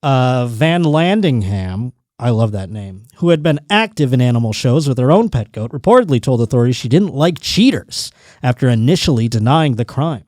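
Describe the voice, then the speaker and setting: A man hosting a podcast, chatting casually in a rambling, joking way and swearing freely. His pitch sits mid-range but swings widely as he talks. The recording is close and dry, with no room sound. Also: lively intonation, normal speed, darkish tone, no echo. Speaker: podcast host.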